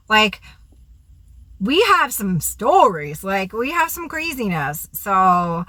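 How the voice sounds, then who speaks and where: A woman vlogger telling a story from her past in a fast, animated, slangy way. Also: medium pitch, no room sound. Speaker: vlogger, recovery coach. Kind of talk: storytelling vlog.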